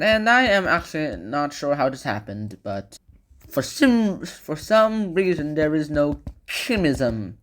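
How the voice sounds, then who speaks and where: A man's voice: a little high, a bit bright. Casual man lecturing with sarcastic asides. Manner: loose, rambling phrasing with fillers. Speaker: video lecturer. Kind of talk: casual educational commentary.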